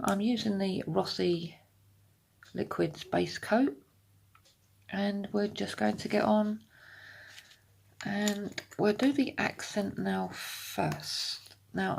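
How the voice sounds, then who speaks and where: A woman's voice: medium pitch, gravelly, a little hiss or hum. A woman giving a casual step-by-step nail tutorial from her home desk, chatty and explanatory, sometimes dropping into half-whispers. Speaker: nail art vlogger.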